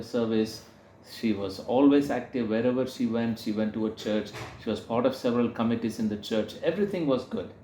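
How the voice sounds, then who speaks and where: A man speaks at middle pitch, in the unhurried way of someone teaching a group. He tells his story through quoted dialogue and often stops mid-phrase to correct himself. The room around him is echoey, with a faint hum underneath. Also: darkish tone. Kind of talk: sermon-style teaching talk.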